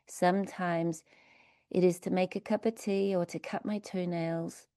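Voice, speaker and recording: A woman leading a guided meditation within a recovery talk, speaking slowly and soothingly with repeated phrases. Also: fairly low pitch, fairly even intonation, dark tone, smooth, no echo, clean studio sound. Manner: slow, soothing, repetitive phrasing.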